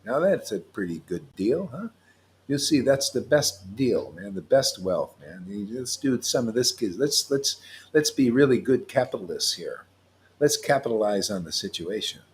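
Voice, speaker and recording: A man's voice: on the low side, big pitch swings, normal speed, a little hiss or hum. A man leading an informal devotional talk, reading scripture aloud, explaining it playfully and laughing often. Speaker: spiritual teacher.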